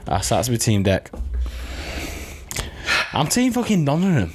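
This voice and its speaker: A man's voice: on the high side, very animated, normal speed, long pauses, a little mellow, a little hiss or hum. A man co-hosting a podcast, teasing and rambling, swearing freely in casual beer-tasting banter. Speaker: podcast co-host. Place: room, indoors.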